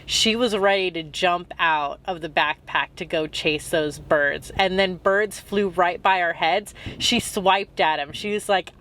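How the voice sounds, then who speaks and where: A woman's voice: fairly low pitch, a little slow, hardly any pauses, a bit bright, poor audio. A woman recapping her travels in a casual, rambling way, full of "um"s and "like"s. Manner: chatty and rambling, with many "um"s and "like"s. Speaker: travel vlogger.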